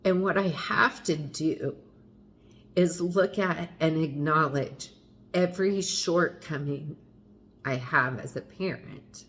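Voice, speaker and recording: A woman's voice: sits low, takes it slowly, fairly bright tone. A middle-aged woman speaking candidly to the camera as a mother, frank and confessional, with wry asides and the odd mild curse. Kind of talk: candid personal vlog.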